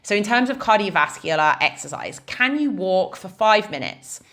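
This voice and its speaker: A woman's voice: medium pitch, lively intonation, normal speed, fairly bright tone. A woman in her thirties, a fitness coach, explaining in a casual, chatty way with lots of "like" and "right?". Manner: chatty, frequent "like" and "right?" fillers.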